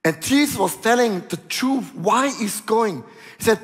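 A male pastor preaching a sermon, telling stories in an animated way with dramatic pauses. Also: high-pitched, big-room sound.

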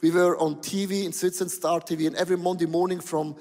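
A male pastor preaching a sermon in an animated, exclaiming way, with non-native phrasing, in a large church hall. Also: sits high, fast. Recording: long hall reverb.

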